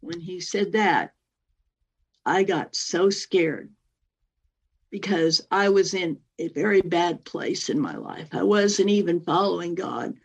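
A woman telling a personal story as a guest, animated, acting out what other people said, with many fillers. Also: fairly low pitch, takes it slowly, gravelly, husky. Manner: animated, acts out other people's words in quotes; rambling, with many fillers and "anyway".

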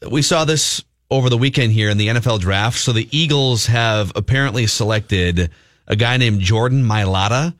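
A man's voice: on the low side, normal speed, no echo, studio quality. A man co-hosting a casual talk radio show, conversational and wry. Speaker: radio co-host.

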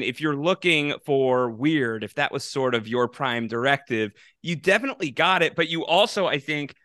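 A male podcast host with a bright, smooth, crisp voice, recorded dry and close. He asks long, rambling questions, circling his point with fillers. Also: medium pitch, no room sound. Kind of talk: casual podcast interview.

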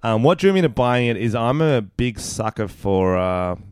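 A man co-hosting a chatty podcast, his pitch swinging around as he jokes. He laughs often and reads headlines aloud in a playful way. The recording is dry and close. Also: lively intonation, normal speed, clear, resonant tone, no room sound. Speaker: podcast co-host. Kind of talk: casual podcast banter.

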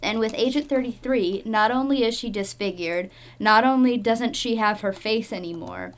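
A woman's voice: on the high side, moderate pace. A young woman co-hosting a podcast, chatting playfully about a TV show and adding trivia. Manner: playful, giggly, adds trivia. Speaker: podcast co-host, veteran viewer. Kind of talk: casual chat about a TV show.

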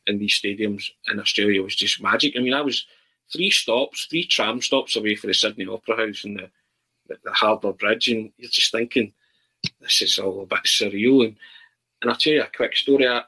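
A man tells anecdotes in a lively, tumbling way, circling back and restarting his sentences. His voice is husky and pushes forward with a bright, forceful edge. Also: on the low side, rough recording. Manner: animated storyteller, frequent restarts. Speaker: guest. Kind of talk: casual chat.

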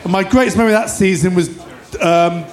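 A man's voice: high-pitched, quick pace. A man hosting a live podcast, reminiscing with enthusiasm about old football matches. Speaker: podcast host. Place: live show venue with audience.

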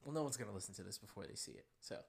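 A man's voice: lowish voice, lively intonation, very fast, creaky. A young man co-hosting a casual podcast, joking and teasing in a rambling way. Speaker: podcast co-host. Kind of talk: casual chat.

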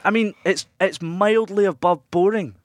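A man's voice: high-pitched, normal speed. A man hosting a podcast, jokey and upbeat in casual chat. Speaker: podcast host.

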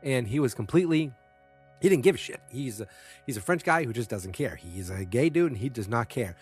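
A man's voice: medium pitch, lively intonation, a little fast, darkish tone, breathy edge, soft background music. A man giving a casual spoken recap of a TV episode, rambling with many fillers and self-corrections, and blunt in his opinions.

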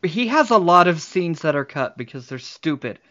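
Male podcast co-host, fairly high voice, lively scene-by-scene recapper; muffled lo-fi recording. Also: normal speed. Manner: retells scenes in detail, laughing often. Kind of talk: casual movie-discussion podcast.

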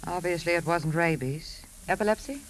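An actress playing a sharp, inquisitive woman who writes for pulp magazines, talking in an insistent, probing way. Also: on the low side, moderate pace, a little hiss or hum, natural voice, poor audio.

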